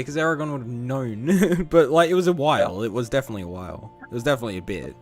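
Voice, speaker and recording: A man's voice: mid-range voice, animated, fast talker, soft background music. A man taking part in a tabletop role-playing game, speaking partly in character, rambling and laughing often. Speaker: player.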